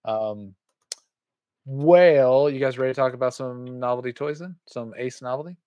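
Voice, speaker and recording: A man's voice: medium pitch, normal speed, warm tone, no echo. A man hosting a casual toy podcast, with a mid-range voice recorded dry and close. He rambles, loses his thread and starts over, filling the gaps with uhs. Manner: rambling, distracted, many uhs and restarts. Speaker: podcast host.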